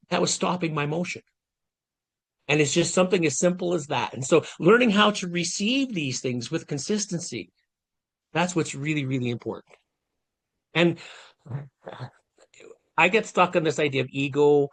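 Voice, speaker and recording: A man in his late fifties with a fairly high voice gives a motivational masterclass over a video call. He sounds earnest and conversational, talking straight to the people watching. The call audio carries his voice plainly. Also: a bit bright, breathy edge. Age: 50s. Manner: earnest, conversational, addresses the audience directly. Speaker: guest speaker giving a masterclass. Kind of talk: motivational talk.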